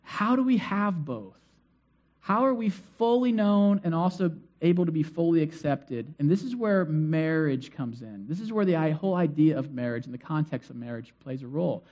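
A male pastor with a fairly high voice delivers a sermon in an easy, conversational way. He tells stories with animation and throws questions to the congregation. He repeats short phrases to drive his points home. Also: moderate pace. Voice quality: conversational, animated storytelling with acted-out cries.

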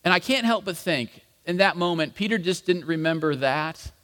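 Man preaching, casual and explanatory, somewhat high voice, long hall reverb. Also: expressive, normal speed, fairly bright tone. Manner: conversational, explanatory, with many fillers. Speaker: pastor. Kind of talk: sermon.

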